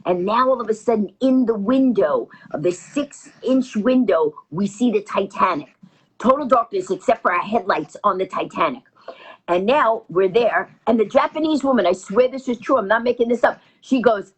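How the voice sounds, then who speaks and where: A woman telling a comic story as an interview guest, fast and lively with punchy delivery. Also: mid-range voice, breathy edge. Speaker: guest comedian.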